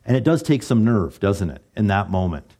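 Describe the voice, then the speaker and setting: A man's voice: fairly low pitch, big pitch swings, normal speed, mellow. A man preaching a sermon as pastor, joking and conversational, with dry asides to the congregation.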